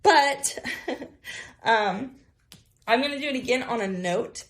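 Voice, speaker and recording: A woman's voice: fairly high pitch, measured pace. A young woman teaching a music lesson to children at home, chatty and cheerful, often saying y'all.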